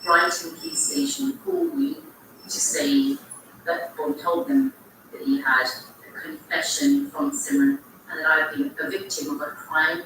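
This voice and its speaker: A woman's voice: high voice, big pitch swings, a little slow. A woman recounting her story in documentary testimony, telling it dramatically. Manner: dramatic storyteller acting out quoted lines. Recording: echoey distant TV audio with faint noise.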